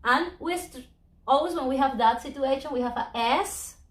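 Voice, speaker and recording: A woman whose first language is Spanish, teaching a Spanish lesson in English and slowly drawing out each example word. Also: sits high. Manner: slow, drawn-out modeling of words, non-native English grammar. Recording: echoey room.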